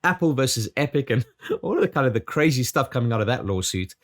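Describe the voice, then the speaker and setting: A man hosting a casual podcast with a sore throat, rattling through the housekeeping in a quick radio-host manner with stumbles. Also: medium pitch, sing-song.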